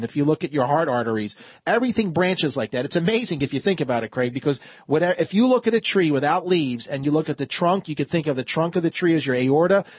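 A man hosting a call-in talk radio show, earnest and quick to cut callers off. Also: a little high, slightly rough, no echo, muffled recording. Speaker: guest radio show host.

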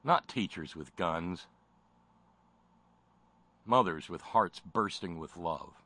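A man's voice: deep voice, expressive, takes it slowly, gravelly, pushed and bright. A man hosting a talk show, delivering sarcastic, impassioned commentary with frequent stammered restarts.

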